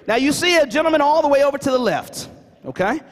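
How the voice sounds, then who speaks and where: A man with a notably high, quick voice delivers a comic keynote, tossing questions at the audience. His words ring through a large hall with a long echo. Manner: animated, asks the crowd questions, fond of "right?". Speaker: conference speaker. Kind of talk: comedic storytelling keynote. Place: conference hall stage. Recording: reverberant conference hall.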